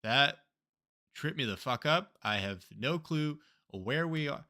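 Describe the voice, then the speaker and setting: A young man streaming himself playing a geography guessing game, excitable and swearing freely, with loud outbursts. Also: a little high, moderate pace. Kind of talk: live-stream reaction commentary.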